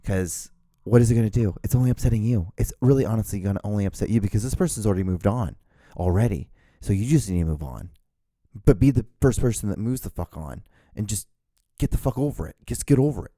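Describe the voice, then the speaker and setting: A man's voice: lowish voice, lively intonation, fast, dark tone, no room sound, studio quality. A man hosting his own solo podcast, rambling and swearing, with many restarts. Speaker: podcast host.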